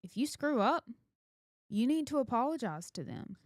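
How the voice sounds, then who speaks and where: A woman's voice: fairly high pitch, very animated, moderate pace, no echo, studio quality. A woman, earnestly giving parenting advice on a casual podcast. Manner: earnest, advice-giving, speaks directly to listeners. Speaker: podcast co-host.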